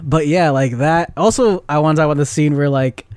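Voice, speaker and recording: A young man with a fairly high voice chats excitedly on a podcast. He laughs a lot, leans on "like" and slang, and replays movie moments with gusto. The mic is close and dry, with no room sound. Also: a little fast, smooth, dry recording. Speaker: podcast co-host. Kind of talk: casual chat.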